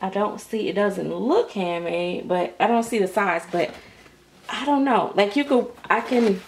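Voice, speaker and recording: A woman's voice: medium pitch, a little slow. A woman unboxing mail at home, gushing and gasping as she chatters. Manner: gushing, excitable, gasping and repeating phrases. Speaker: vlogger opening mail. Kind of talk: casual unboxing chat. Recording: noisy home recording.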